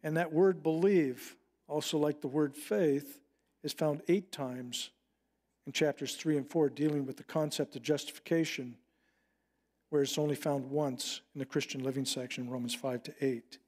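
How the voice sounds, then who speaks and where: A middle-aged man preaching a sermon, mixing Bible teaching with a personal story and slowing down to stress key phrases. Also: fairly high pitch, fairly even intonation, a little mellow. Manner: earnest, personal storytelling with slowed emphatic phrases. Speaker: pastor.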